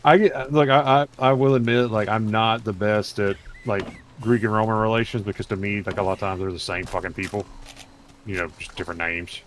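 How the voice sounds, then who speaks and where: A man's voice: lowish voice, steady tone, brisk, slight background noise. A man chatting casually with friends over voice chat while gaming, telling rambling, profane stories. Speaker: gamer in voice chat.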